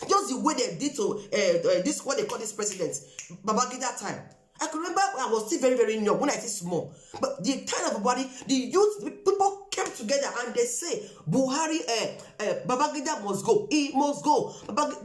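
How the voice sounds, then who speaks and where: A woman's voice: on the high side, echoey room. A Nigerian woman with a Nigerian accent, speaking to viewers in an emphatic, repetitive appeal that slips into Pidgin. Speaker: vlogger.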